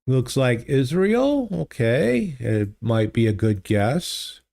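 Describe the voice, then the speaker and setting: A man hosting a livestream, chatting casually and thinking aloud in a halting, easygoing way while playing a geography game. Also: mid-range voice, very animated, creaky, mellow. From United States. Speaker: livestream host. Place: home streaming studio. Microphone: studio desk microphone.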